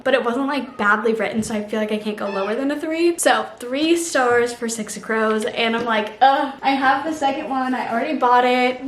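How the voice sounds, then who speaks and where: A young woman chatting casually about books in a vlog, gushing and animated, full of slang. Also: fairly high pitch, slight background noise. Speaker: book vlogger. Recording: echoey room with faint ambience.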